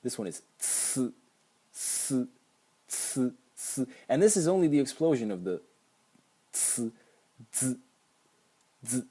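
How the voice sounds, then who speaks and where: A man's voice: medium pitch, big pitch swings, a little slow, dark tone, husky. A man teaching pronunciation at a whiteboard, patiently repeating sounds for the learner. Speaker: language teacher.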